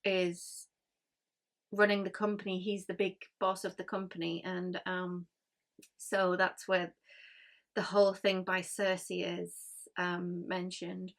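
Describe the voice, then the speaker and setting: A woman's voice: mid-range voice, fairly bright tone. A woman gives a casual spoken book review, chatty and rambling with many ums and frank grumbles.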